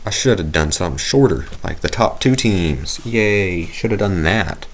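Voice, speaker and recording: A man's voice: low-pitched, expressive, normal speed, a little hiss or hum. A man giving casual, rambling, jokey commentary while playing a video game. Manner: rambling, jokey, self-mocking. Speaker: gaming video creator.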